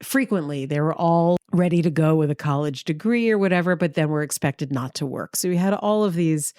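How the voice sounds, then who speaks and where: A middle-aged woman from New York, co-hosting a podcast and telling anecdotes in a casual, animated way, acting out the lines of the people in her stories. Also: fairly quick, no room sound, clean studio sound. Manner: lively anecdotal, acts out quotes with big pitch jumps. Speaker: podcast co-host. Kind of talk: casual storytelling chat.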